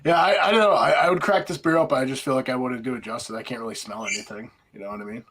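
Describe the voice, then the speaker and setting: A man's voice: mid-range voice, very fast, a bit bright. A man with a stuffy head cold, chatting casually as a guest on a live panel. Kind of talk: casual chat.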